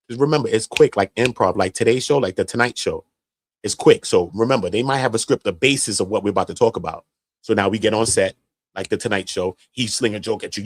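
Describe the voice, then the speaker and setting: A man's voice: on the low side, dry recording. Brief: male live-stream host, casual slangy commentary, very dry close sound. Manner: animated, slangy, mocking impressions.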